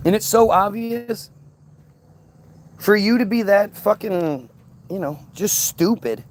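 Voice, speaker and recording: A man's voice: sits high, slight background noise. A man ranting into the camera in a heated, profane monologue, stammering and repeating words. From United States. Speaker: vlogger.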